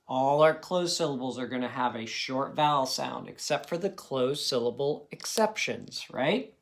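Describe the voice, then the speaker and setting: A man teaching a children's phonics lesson, patiently sounding out words syllable by syllable. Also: a little high.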